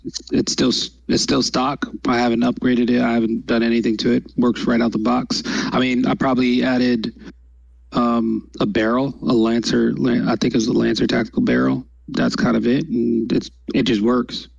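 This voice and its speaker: A man's voice: mid-range voice, level tone, moderate pace, gravelly, no room sound, dull audio. A man talking as a guest in a casual live stream chat, laid-back and rambling with hesitant fillers.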